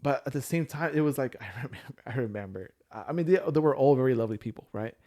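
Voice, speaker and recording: This man, a podcast guest, shares his own story in a loose, chatty way, wandering through fillers and false starts. He talks at a racing clip in a mellow, medium-pitched voice.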